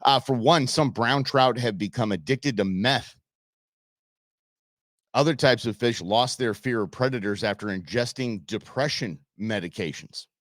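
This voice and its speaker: A man's voice: medium pitch, unhurried, fairly bright tone, no room sound, clean studio sound. A man hosting an outdoors talk show, chatting casually and rambling with fillers and restarts. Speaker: radio show host.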